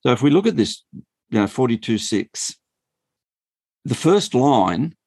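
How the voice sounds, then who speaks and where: A man, a former school principal, teaching the Bible in an animated, storytelling way, often chuckling. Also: medium pitch, unhurried, husky, no echo. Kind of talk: explanatory Bible talk.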